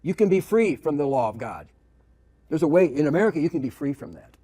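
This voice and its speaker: A man's voice: on the high side, big pitch swings, fast, dark tone. A man preaching emphatically, firing off rhetorical questions and repeating his points. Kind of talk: preaching lecture with read-aloud quotations.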